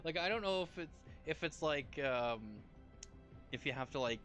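A man's voice: fairly high pitch, lively intonation, moderate pace, a bit bright, faint music behind. A man from Ontario, streaming a game and chatting casually, rambling with many fillers and restarts. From Canada, Ontario. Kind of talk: casual gaming chat.

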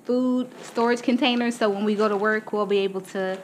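Talking fairly quickly with fairly even intonation in a mid-range voice, a young vlogger walks through her grocery haul indoors at home, chatty, slightly winded and calling everyone y'all. Poor audio carries a little hiss or hum.

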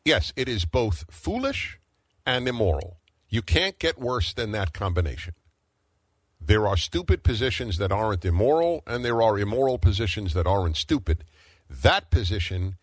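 A man's voice: on the low side, big pitch swings, unhurried, breathy edge, no room sound. A middle-aged man hosting a talk radio show, arguing emphatically and firing off rhetorical questions.

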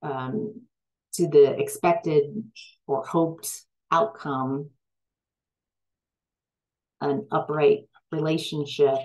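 A woman's voice: sits low, steady tone, drawn-out words, pauses often, a little mellow, poor audio. A woman giving a tarot reading, hesitant and full of fillers and restarts, growing emphatic at times. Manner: gets emphatic when frustrated. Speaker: tarot reader.

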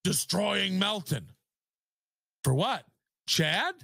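A man's voice: sits high, big pitch swings, extremely slow, gravelly, a bit bright, slightly rough, no room sound, clean studio sound. A man hosting a podcast, ranting in mocking disbelief and laughing often as he reacts to clips. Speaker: podcast host.

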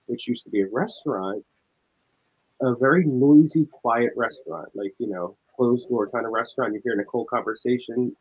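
A man's voice: medium pitch, moderate pace, breathy edge, rough recording. A young man, a paranormal investigator, talking casually in a guest interview. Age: young adult. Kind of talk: casual chat.

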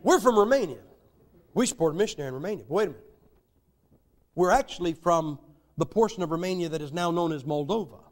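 A man's voice: fairly high pitch, lively intonation, fast talker, long pauses. A man preaching a sermon in a folksy, joking way, with emphatic rises in his delivery. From United States.

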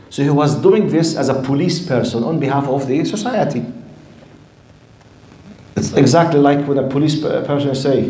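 A man's voice: mid-range voice, animated, normal speed, warm tone, reverberant, poor audio. A male lecturer teaching Islamic history to a live class, often asking the audience questions and using Arabic terms. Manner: keeps quizzing the audience, drops in Arabic terms. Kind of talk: recorded lesson to a live class.

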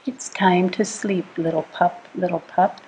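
A woman reading a bedtime picture book aloud to children, gentle and soothing, asking the listener little questions as she goes. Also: fairly low pitch, steady tone, unhurried, slight background noise, rough recording. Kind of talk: read-aloud storytime.

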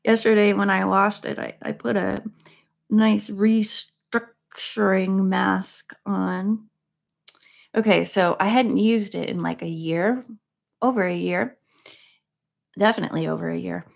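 A woman chatting casually between chapters of a read-aloud, rambling through gentle asides. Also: medium pitch, steady tone, unhurried, gravelly, long pauses. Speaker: vlogger reading a book aloud. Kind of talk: casual chat.

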